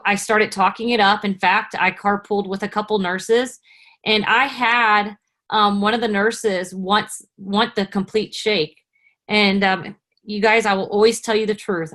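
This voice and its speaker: Woman in her 40s on a video call, earnest chatty storytelling, mid pitch. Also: fairly bright tone. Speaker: guest speaker.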